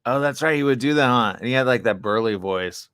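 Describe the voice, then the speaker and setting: A man's voice: medium pitch, smooth. A man hosting a radio morning show, chatting casually with listeners and reading the news in a studio. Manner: lively, chatty, quick asides.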